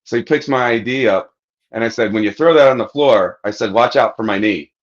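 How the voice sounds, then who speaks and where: A man's voice: medium pitch, a little fast, lo-fi sound. A man on a podcast telling a long story in casual chat, swearing freely and acting out what people said. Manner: profane, animated anecdote-telling, acting out quotes. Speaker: podcast host.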